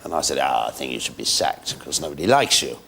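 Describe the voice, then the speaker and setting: A man's voice: lively intonation, fast talker, vocal fry, background noise. A man in his late thirties, a comedian guest on a chat show, talking jokily and slipping into character voices. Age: 30s. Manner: jokey, slips into squeaky character voices. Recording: TV studio with audience.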